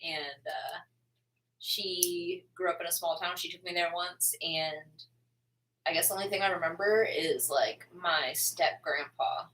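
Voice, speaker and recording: A woman's voice: on the low side, steady tone, measured pace, fairly bright tone. A woman with a Southern American accent, co-hosting a casual chat and joking bluntly. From Florida. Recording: off-mic, distant.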